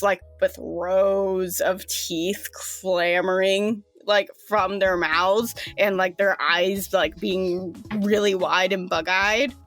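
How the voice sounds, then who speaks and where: A woman's voice: mid-range voice, fairly bright tone, no echo. A woman narrating as game master, talking in a loose, chatty way with fillers.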